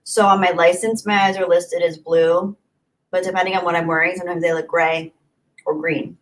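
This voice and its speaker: A woman hosting her own livestream in a relaxed, chatty way. She reads viewer comments aloud one after another and answers each in easy conversational talk. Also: fairly low pitch, normal speed. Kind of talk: casual livestream chat reading comments.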